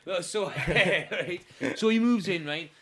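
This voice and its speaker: A young man hosting a podcast, telling crude stories in rapid, animated casual chat and acting out the people in them. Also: sits high, over a noisy crowd. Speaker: podcast host.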